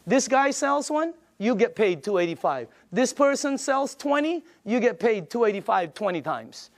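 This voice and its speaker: An older man giving an emphatic, energetic sales presentation, retelling phone conversations with friends. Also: very high voice, moderate pace. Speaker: business presenter.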